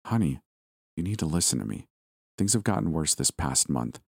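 A man voicing a frightened young mother who pleads softly and carefully with her husband in a storybook reading. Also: a bass voice, big pitch swings, moderate pace, vocal fry, breathy edge, no echo, clean studio sound, heavily acted. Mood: gently pleading. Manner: soft, careful, coaxing.

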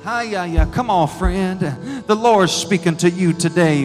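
A man preaching an emotional sermon in a church sanctuary, swinging between hushed and fervent as he leads an altar call. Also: high-pitched, expressive, unhurried, few pauses, music in the background. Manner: emotional, rising and falling intensity, speaks in tongues. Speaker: pastor.

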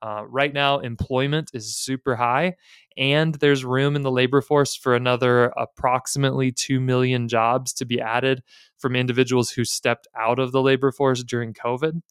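A man in his thirties talks through his podcast in a candid, plainspoken way, dropping in casual asides. His voice is strikingly smooth and resonant. The sound is dry and close, with no room around it. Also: medium pitch, flat delivery, normal speed, no echo. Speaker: podcast host. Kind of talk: casual finance podcast talk.

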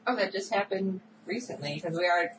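A woman co-hosting a podcast, recapping a TV episode in a chatty, animated way full of filler words. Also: fairly low pitch, a little fast, background noise. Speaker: podcast co-host. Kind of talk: casual chat recapping a TV episode.

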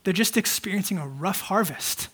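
Pastor, male, high voice, preaches in a loose, candid, conversational way. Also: lively intonation, moderate pace, a bit bright, breathy edge. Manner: conversational, candid, many fillers. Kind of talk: casual sermon.

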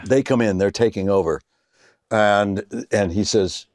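A man in his sixties telling a story in casual chat, animated, acting out the voices he quotes. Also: on the low side, moderate pace, dry recording. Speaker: guest actor.

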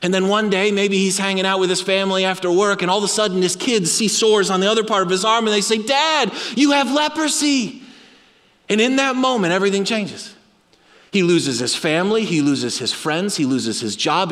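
Male preacher, dramatic sermon delivery, long hall reverb. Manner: dramatic storytelling, drops low and quiet for emphasis.

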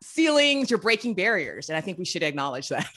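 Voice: medium pitch, sing-song, brisk, pushed and bright. A podcast co-host from the United States, opening an interview in a bubbly, playful way over a video call. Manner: bubbly, playful, laughs often. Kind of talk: casual interview chat.

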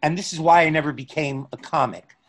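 A middle-aged man telling a story in casual conversation, unhurried, pausing often and restarting his phrases. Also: a little high. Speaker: guest recounting stand-up comedy memories.

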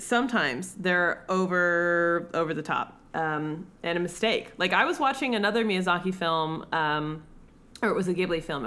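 A woman's voice: lowish voice, fairly bright tone. A woman co-hosting a podcast, chatting casually and animatedly about a film, swearing now and then. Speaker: podcast co-host reviewing a film. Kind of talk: casual chat.

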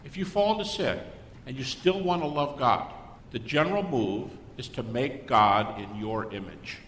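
Animated older man lecturing in an echoey hall. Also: moderate pace. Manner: animated storyteller who acts out quoted people. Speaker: guest speaker. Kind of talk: Christian apologetics lecture to a live audience. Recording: echoey hall with faint rumble.

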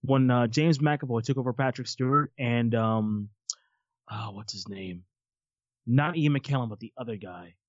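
A man in his forties chatting casually and telling lively stories, often laughing at them. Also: mid-range voice, measured pace, no room sound. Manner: animated storyteller, laughs at his own stories. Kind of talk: casual chat. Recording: slightly muffled lo-fi sound.

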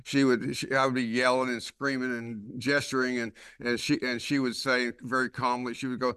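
A man with a Southern accent hosting a podcast, telling stories in a lively way with many restarts and repeated words. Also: mid-range voice, moderate pace, hardly any pauses, smooth, no echo. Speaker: podcast host. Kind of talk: casual podcast conversation.

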